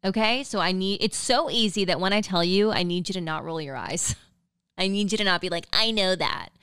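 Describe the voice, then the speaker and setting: A woman's voice: fairly low pitch, a little fast, a bit bright, clean tone, dry recording, studio quality. A young woman hosting a solo podcast, chatting casually and upbeat with lots of fillers and a valley-girl lilt. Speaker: podcast host.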